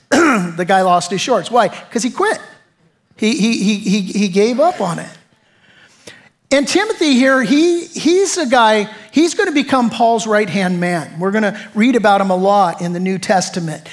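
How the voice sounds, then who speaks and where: Conversational pastor preaching. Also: male voice, high-pitched, moderate pace. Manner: conversational, emphatic preaching with rhetorical questions. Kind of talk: sermon.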